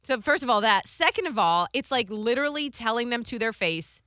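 A woman with a bright, slightly high voice talks bluntly and sassily as a podcast co-host. She swears freely and plays out quoted remarks. The recording is dry and close. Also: expressive, a little fast, dry recording. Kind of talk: casual chat.

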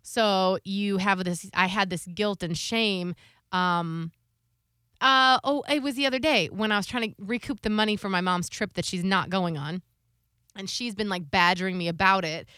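A woman's voice: mid-range voice, moderate pace, pushed and bright, clean tone, no room sound, clean studio sound. A woman co-hosting a podcast, candidly telling a personal story in casual, confessional chat and swearing now and then.

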